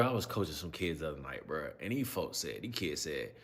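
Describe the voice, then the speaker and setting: Young coach, husky voice, lively pitch swings, exasperated slangy storyteller. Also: male voice, fairly quick. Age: 20s. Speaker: youth coach. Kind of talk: storytelling in casual chat.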